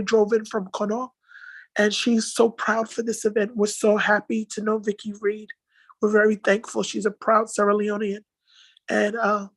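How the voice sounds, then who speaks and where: A woman presenting event slides in a casual, halting way, full of fillers and restarts, and moved to tears at times. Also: mid-range voice, no room sound, poor audio. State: tearful at times. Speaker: nursing association organizer presenting slides. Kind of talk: casual spoken slideshow recap.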